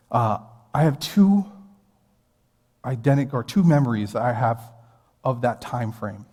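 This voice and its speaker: An American pastor in his thirties delivers a sermon from the pulpit of a church sanctuary, sharing a personal story earnestly and conversationally. His voice is at an ordinary middle pitch and a little mellow, with a long hall reverb trailing his words.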